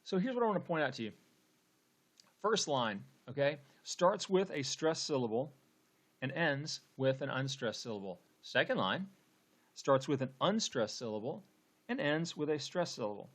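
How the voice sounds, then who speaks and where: A man's voice: medium pitch, big pitch swings, moderate pace. Man, casual lecture voice, conversational, filler-heavy. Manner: conversational, frequent "okay" and fillers. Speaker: teacher.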